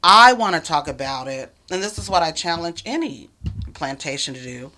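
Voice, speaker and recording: A woman's voice: low voice, big pitch swings, moderate pace, bright, forceful tone, slight background noise. A woman telling a personal story in casual conversation, earnest and emphatic, sometimes dropping to a near whisper.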